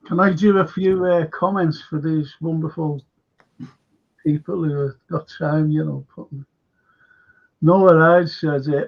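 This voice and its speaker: Gravelly older man, sweary. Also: fairly high pitch, slow, pauses often. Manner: swears a lot, rambling and animated. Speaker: host. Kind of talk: casual fan podcast chat. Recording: dull lo-fi call audio.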